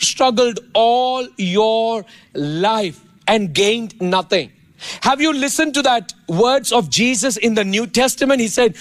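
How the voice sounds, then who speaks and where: A man preaching a sermon with impassioned, animated delivery and playful asides to his congregation. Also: sits high, no room sound, clean studio sound. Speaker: pastor.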